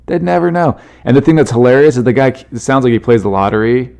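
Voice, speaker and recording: A man's voice: medium pitch, fast talker, creaky, darkish tone. A man hosting a solo comedy podcast, rambling and joking through news stories and swearing freely. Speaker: podcast host.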